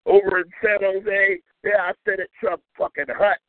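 A man's voice: high-pitched, level tone, moderate pace, no room sound. A man hosting a call-in radio show, delivering an angry, profane, mocking rant. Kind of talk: ranting call-in radio monologue. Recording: tinny phone-like audio.

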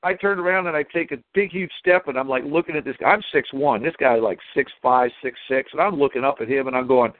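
Over a dry, tinny phone line with no echo, a male caller with an ordinary male pitch tells a lively story on a talk show. He talks fairly quickly with few pauses, animatedly acting out his own back-and-forth dialogue.

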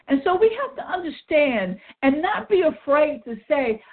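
A woman's voice: high voice, very animated, normal speed, hardly any pauses. A woman leading a Bible study, reading old-style scripture and then explaining it earnestly. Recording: tinny phone line.

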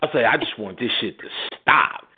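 At a moderate pace and medium pitch, a man on a radio show chats casually through a laughing, slangy tale, performing each quote with animation. His line is tinny and phone-like, with audible noise.

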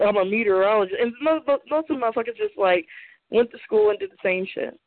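Fast and expressive, a medium-pitched woman co-hosting a podcast delivers a casual opinion rant, bluntly stating her views, cursing freely, and laughing a lot. It's a dry recording with a tinny, phone-like quality.

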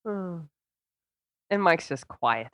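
A woman's voice: fairly low pitch, expressive, slow, no room sound. A woman co-hosting a podcast in casual chat, giggling and self-deprecating as she tells a story. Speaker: podcast co-host.

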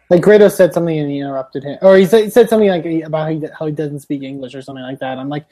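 A man's voice: on the high side, racing, mellow. A man co-hosting a podcast, recapping with sarcastic, profane remarks in casual chat. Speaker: podcast co-host.

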